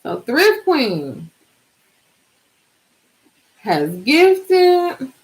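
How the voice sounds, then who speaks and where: A woman's voice: sits high, huge pitch swings, very slow, rough recording. Sleepy, chatty woman streaming live. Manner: chatty, bubbly, sings out little cheers. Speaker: vlogger hosting a live stream. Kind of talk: casual live-stream chat.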